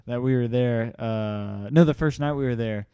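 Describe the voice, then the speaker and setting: Chatty young male host, clear voice. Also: medium pitch, moderate pace, mellow, no room sound. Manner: chatty, laughs often, jokey. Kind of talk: casual interview chat.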